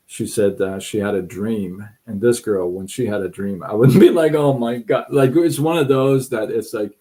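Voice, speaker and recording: A middle-aged man with a low, dark voice hosts a livestream and relates a personal anecdote in casual conversation. His telling is rambling and repetitive, and he mimics the people he quotes.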